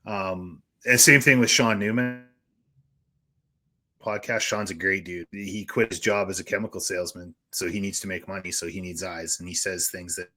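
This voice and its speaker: A podcast host with a low, forceful voice. He speaks frankly and at length, piling up opinions in a loose, conversational ramble. The talk stays casual throughout. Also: fairly even intonation, moderate pace. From Canada.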